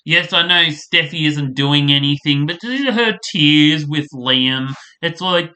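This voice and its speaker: A man's voice: on the high side, unhurried, few pauses, sharp tone. A man casually ranting as he reviews a soap opera, rambling, exasperated and swearing freely.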